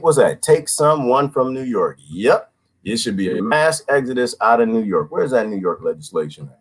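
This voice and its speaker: A man's voice: medium pitch, slightly rough. A middle-aged man hosting a casual livestream, reading comments aloud and talking straight to his viewers. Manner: animated, talks to viewers and reads comments aloud. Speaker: livestream host.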